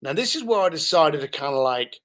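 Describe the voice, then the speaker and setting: A man's voice: fairly high pitch, very animated, a little fast, a bit bright. A man telling a business story, acting out both sides of a phone call. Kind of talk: animated storytelling.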